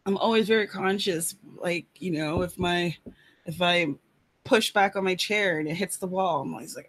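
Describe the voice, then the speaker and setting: A woman's voice: on the low side, normal speed, a bit bright. A woman writer, chatting casually to her live-stream viewers from her apartment, rambling with lots of fillers. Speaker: writer hosting a live chat. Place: apartment room.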